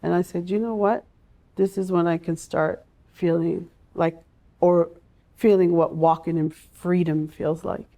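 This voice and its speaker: Earnest woman in her forties, mellow voice. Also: on the low side, level tone. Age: 40s. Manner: earnest and heartfelt, with pauses and restarts. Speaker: guest sharing her life story. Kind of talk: personal testimony in an interview.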